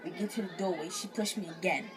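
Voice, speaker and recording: A woman's voice: on the low side, fast talker, a crowd in the background. A young woman vlogger casually telling a personal story, slangy and profane, acting out what people said. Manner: animated, slangy, profane, acts out quotes.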